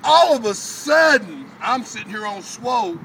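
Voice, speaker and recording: A man telling a story in casual, animated talk, cursing and laughing as he goes, recorded outdoors from some distance. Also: high voice, normal speed. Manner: animated, profane, laughing often. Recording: far from mic, loud street and car noise.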